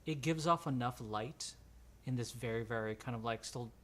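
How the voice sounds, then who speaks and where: A man's voice: medium pitch, moderate pace, fairly bright tone. A man narrating a tabletop role-playing game as game master, rambling and filling his descriptions with ums and restarts.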